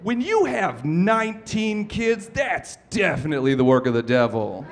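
Animated young man doing stand-up. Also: fairly high pitch, normal speed, heavy background noise. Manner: animated storytelling with shouted bits. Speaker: stand-up comedian. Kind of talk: stand-up comedy set. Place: comedy club stage. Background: audience laughter.

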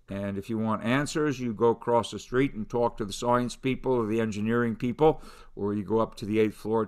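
A man's voice: lowish voice, fairly bright tone. A middle-aged man, a philosophy professor, lecturing over a video call in a conversational way with many fillers and restarts. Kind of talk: online lecture.

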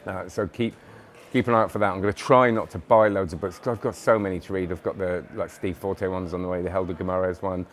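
A man's voice: sits low, fairly even intonation, fast talker, slight background noise. A tired man chatting casually in a vlog about magic products, rambling and enthusiastic with lots of fillers and restarts. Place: magic convention hotel.

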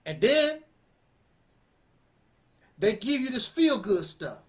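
This channel host speaks slowly in a very high-pitched voice while giving casual commentary. He's animated and a bit preachy, with frequent laughter and repeated phrases.

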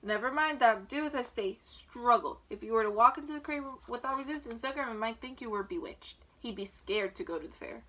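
A wise old sheep barks urgent orders at the farm animals, as a woman reading the storybook gives her voice. The tone is bright and sharp, pitched a little high, firm and commanding rather than gentle. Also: brisk, hardly any pauses.

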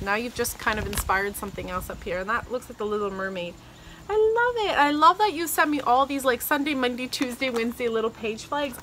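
A woman in her thirties from Canada, gushing with delight as she unboxes craft gifts in a casual vlog, outdoors in the sun. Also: a little high. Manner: gushing, delighted, many thank-yous. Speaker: crafting vlogger. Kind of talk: casual happy-mail unboxing. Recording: noisy outdoor ambience with insects.

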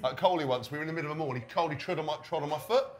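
A man on a live show stage, telling rude, animated stories and acting out the quotes. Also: fairly high pitch, rapid-fire. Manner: animated, swearing, acts out quotes. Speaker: podcast co-host. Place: stage in front of a live audience.

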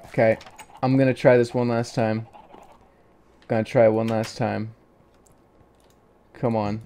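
Man, gaming commentary, slow-paced, exasperated, pleading, jokey. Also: mid-range voice, fairly even intonation, dark tone, a little hiss or hum. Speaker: gaming youtuber. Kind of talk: let's play commentary.

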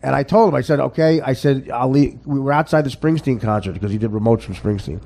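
A man, hosting a podcast and telling stories in casual chat, animated and laughing often. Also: mid-range voice, fast, creaky. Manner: animated, laughs often, does voices of others. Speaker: podcast host and comedian.

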